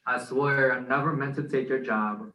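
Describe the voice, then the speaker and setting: His voice is medium-pitched and steady at a moderate pace, though the audio is dull and the mic distant in an echoey room. A podcast co-host and spoken word poet, he recites his own poem in an earnest, rhythmic way.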